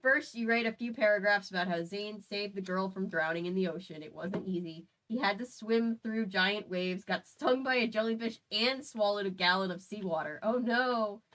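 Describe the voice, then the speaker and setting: A woman's voice: mid-range voice, normal speed, few pauses, a bit bright. Playful woman reading a book aloud. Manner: playful, chatty asides. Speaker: host.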